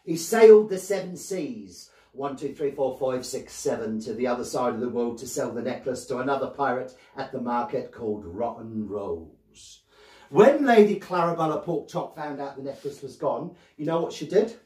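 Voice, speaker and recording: A man, a children's magician telling a story in a playful, animated way to young children. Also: mid-range voice, moderate pace. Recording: roomy sound from a distant mic.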